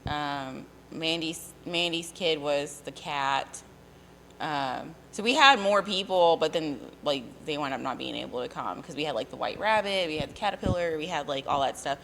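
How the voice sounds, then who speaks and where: A woman's voice: low-pitched, expressive, normal speed, creaky, a bit bright, slight background noise. A woman in her thirties in casual conversation, telling rambling stories with lots of fillers and laughter. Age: 30s. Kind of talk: casual chat.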